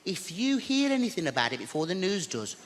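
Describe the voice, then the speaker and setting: A woman's voice: on the low side, sing-song, a little fast. A man voicing an older female neighbour from Birmingham, gossipy and nosy, with a sing-song way of talking. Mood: coaxing. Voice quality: sing-song, calls him babes. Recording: stage mic in large hall.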